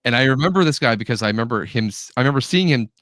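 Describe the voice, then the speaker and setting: Guy on a podcast telling a story, gets animated, dry close sound, average pitch. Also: racing, no echo. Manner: animated storyteller, acts out quotes. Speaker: podcast co-host. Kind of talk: casual chat, telling a story.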